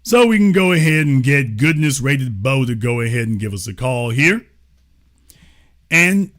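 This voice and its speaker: A man's voice: mid-range voice, fairly bright tone. A man hosting a livestream political commentary show, talking in a mocking, sarcastic way. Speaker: show host.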